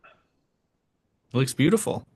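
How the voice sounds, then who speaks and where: A man hosting a group coaching call, encouraging and unhurried, speaking over a video call. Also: warm tone.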